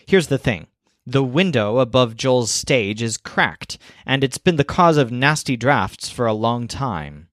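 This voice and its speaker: A man narrating a scripted language lesson, explaining clearly and slowing down for example phrases. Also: medium pitch, fairly bright tone, no echo, studio quality. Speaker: language teacher.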